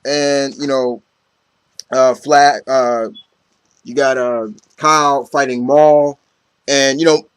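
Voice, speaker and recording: A man casually recaps a comic book story, rambling with plenty of fillers and acting out the characters' lines. His mid-range voice is smooth and fairly even, slow-paced with frequent pauses and no echo.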